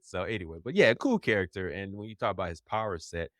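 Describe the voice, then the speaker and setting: A man co-hosting a casual pop culture podcast, animated and quick to laugh. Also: sits low, no echo, studio quality. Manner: animated, laughs often, jumps into silly voices. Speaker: podcast co-host.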